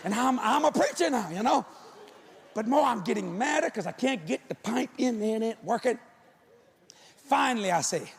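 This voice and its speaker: A man preacher telling a comic story in an animated way, often shouting punchlines. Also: very high voice, moderate pace, vocal fry, slightly rough.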